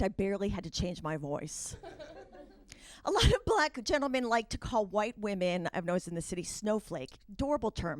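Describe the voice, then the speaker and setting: A woman doing a stand-up comedy set with a brisk, conversational delivery and wry asides. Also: medium pitch, very animated. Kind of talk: stand-up set, then a short chat with the host.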